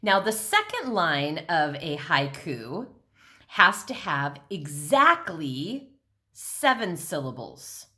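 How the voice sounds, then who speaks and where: Middle-aged woman teaching young kids on video; unhurried, a touch low, patient and clear. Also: very animated, pushed and bright. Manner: patient, slow and clear, clapping out syllables. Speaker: elementary school teacher. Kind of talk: recorded classroom lesson.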